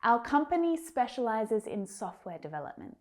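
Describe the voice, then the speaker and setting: Very animated and on the high side, an Australian woman speaks at normal speed while teaching English pronunciation from a script. She articulates single words with clear care and talks directly to her learners, encouraging them.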